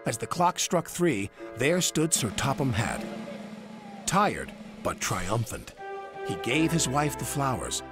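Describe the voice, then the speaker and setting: A man reading a storybook tale aloud as narrator, with expressive delivery. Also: mid-range voice, takes it slowly, music in the background.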